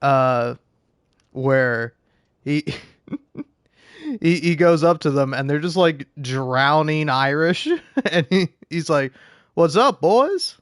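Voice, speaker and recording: A man's voice: a little high, slow pace, pauses often, clean tone, no echo. A man giving casual let's-play commentary, joking and laughing often. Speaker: gaming video host.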